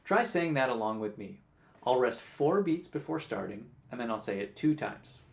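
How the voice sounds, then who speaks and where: A male guitar teacher walks through rhythms, counting the beats aloud in a clear, patient voice. His pitch moves about a lot as he stresses each syllable. The recording carries a noticeable room echo. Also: expressive, normal speed. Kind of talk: music lesson. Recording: roomy echo.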